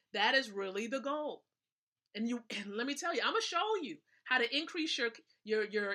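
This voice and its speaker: A woman's voice: a little high, pushed and bright. A woman hosting a live stream, giving a motivational business talk in an emphatic way, repeating her points and checking in with her listeners. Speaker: livestream host.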